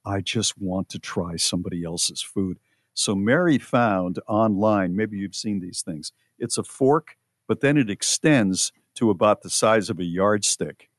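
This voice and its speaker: A man's voice: on the low side, unhurried, no room sound, studio quality. A middle-aged man hosting a radio show, reading items aloud in casual banter and reacting with mock disgust.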